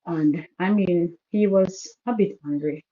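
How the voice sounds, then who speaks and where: A woman caller on a call-in show, softly and haltingly telling a painful personal story, with many restarts. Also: on the low side. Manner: soft-spoken, halting with restarts. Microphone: phone call. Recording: muffled poor phone line.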